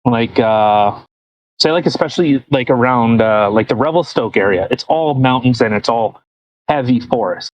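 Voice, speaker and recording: A man co-hosting a casual podcast, wandering through his thoughts with many fillers and restarts. His pitch sits in the middle range, and the recording is dry and close. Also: normal speed, no echo, rough recording. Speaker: podcast co-host. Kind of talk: casual chat.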